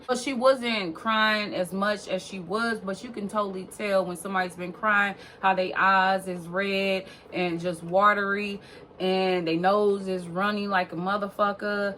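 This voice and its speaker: Woman, young adult, casual storytime vlogger, rambling, mid-pitched voice. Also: fairly even intonation, measured pace, pushed and bright, a little hiss or hum. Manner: rambling, fillers like "or whatever", swearing.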